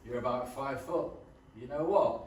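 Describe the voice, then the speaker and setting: A man's voice: medium pitch, moderate pace, a little mellow, natural voice. A man playing a cheeky, affectionate grown son in a stage play, full of wisecracks. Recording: echoey hall, far from mic.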